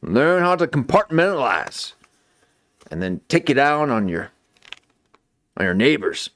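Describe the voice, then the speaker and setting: A man's voice: mid-range voice, big pitch swings, measured pace, fairly bright tone. Sarcastic rambling male streamer. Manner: sarcastic, rambling, repeats "okay" and "folks". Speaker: live stream host. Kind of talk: late-night commentary stream.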